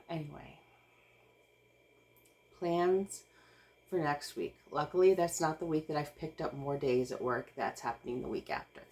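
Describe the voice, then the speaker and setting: A woman's voice: low-pitched, unhurried, long pauses, a little mellow. A woman, vlogging casually while overwhelmed and close to tears, rambling with restarts and nervous laughs. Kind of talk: casual vlog talk to camera.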